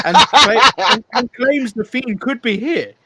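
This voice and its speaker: A man's voice: very high-pitched, very noisy. Giggly male co-host. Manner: giggly, recaps events in long run-on sentences. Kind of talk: casual podcast recap.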